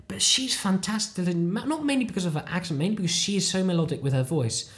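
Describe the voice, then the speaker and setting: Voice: medium pitch, animated, quick pace. A podcaster from the UK with a British accent, talking in a casual, rambling monologue that drifts off on tangents, pokes fun at themselves and swears casually. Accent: British English. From United Kingdom. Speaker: podcast host, language learner.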